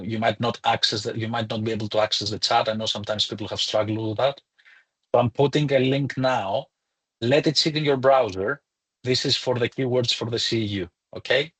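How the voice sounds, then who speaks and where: A man's voice: medium pitch, fairly bright tone, slightly rough. A man, a lecturer, hosting a live online webinar in a chatty, welcoming way with some fillers, speaking into a computer mic.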